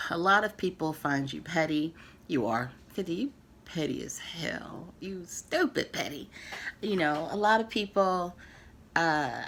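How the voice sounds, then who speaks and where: A woman's voice: sits low, creaky, fairly bright tone, slight background noise. A woman from the United States talking casually to the camera, earnest and emphatic with sassy asides. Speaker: vlogger giving book feedback. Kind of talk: casual direct-to-camera address.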